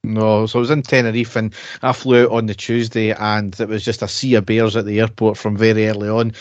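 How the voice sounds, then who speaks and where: A man's voice: lowish voice, flat delivery, fairly quick, no room sound, muffled recording. A man co-hosting a podcast, telling a story in a chatty way and laughing at his own tales. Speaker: podcast co-host. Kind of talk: casual chat.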